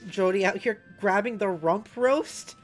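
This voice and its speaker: Playful woman streamer with a lowish voice. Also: animated, brisk, faint music behind, low-quality recording. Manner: playful, giggly, reads chat aloud. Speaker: streamer co-host. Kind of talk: casual game-stream chat.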